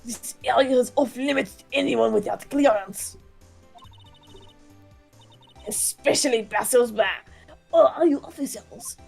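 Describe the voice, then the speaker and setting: A woman's voice: fairly high pitch, normal speed, vocal fry, a little mellow, soft background music. A woman voicing a brash, domineering lunch seller in an over-the-top put-on French accent, haughty and taunting, in a fan dub of a game. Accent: put-on obnoxious French.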